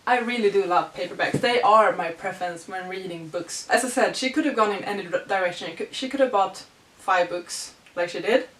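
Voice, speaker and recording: A young woman chatting excitedly in a casual book haul vlog, gushing and laughing often. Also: mid-range voice, brisk. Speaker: book vlogger. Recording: echoey room, mic at a distance.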